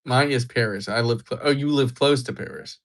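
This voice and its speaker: A man's voice: mid-range voice, a little fast. A young man from Georgia, chatting casually with viewers on a live stream. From Georgia, USA. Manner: chatty, laid-back, joking with viewers. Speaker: livestreamer.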